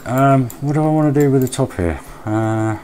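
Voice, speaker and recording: A man's voice: medium pitch, moderate pace, dark tone, a little hiss or hum. A man live streaming a building game, chatting casually, reading and answering his chat aloud and muttering to himself as he works.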